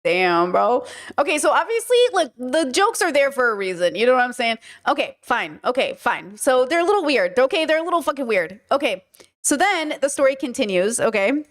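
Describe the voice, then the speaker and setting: A woman's voice: high-pitched, very animated, brisk. A woman hosting a podcast, giving frank, casual commentary full of "like" and "okay" and the odd swear word. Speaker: podcast host reacting to clips.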